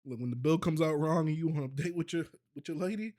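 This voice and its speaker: A man's voice: a little high, fast talker, darkish tone, no echo, clean studio sound. A man streaming from home, reacting to videos in casual chat and laughing constantly through his loose, slangy banter.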